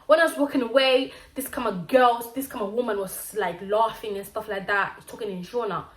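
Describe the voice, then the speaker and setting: A young woman from Zimbabwe, telling a casual storytime vlog in an animated, slangy way with acted-out quotes. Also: on the high side, fairly quick. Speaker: vlogger. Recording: roomy echo.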